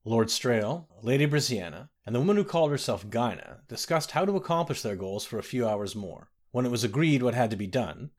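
List: male audiobook narrator, steady, dramatic, mid-pitched voice. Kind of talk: audiobook narration of fantasy fiction.

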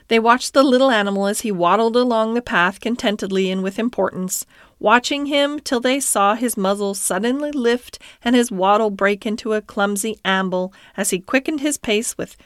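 A woman narrating a classic children's storybook in a calm, measured reading voice. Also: mid-range voice, smooth, no echo, clean studio sound. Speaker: audiobook narrator.

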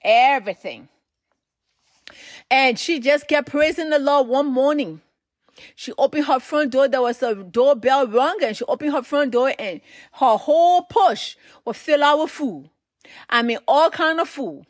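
A woman's voice: high-pitched, expressive, unhurried, dry recording, clean studio sound. A woman, preaching a sermon, telling a story with emphatic repetition.

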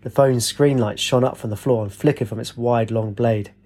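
A man narrating a story with a steady, dramatic reading. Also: medium pitch, normal speed.

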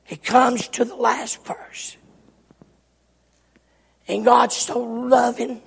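A man preaching a sermon in a church, his delivery swinging from shouts to near-whispers. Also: very high voice, steady tone, very slow, gravelly, long pauses, breathy edge. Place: church sanctuary. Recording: long hall reverb.

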